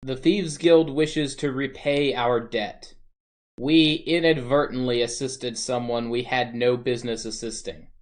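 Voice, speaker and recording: A man voicing a sulking thieves' guild leader in a tabletop fantasy game. He talks slowly and grudgingly, with a voice of ordinary middle pitch. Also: steady tone, natural voice.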